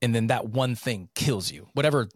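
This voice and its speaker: A man in his thirties from central North Carolina, co-hosting a casual podcast chat, rambling and swearing with animated bursts. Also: mid-range voice, moderate pace, no room sound, clean studio sound. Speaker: podcast co-host.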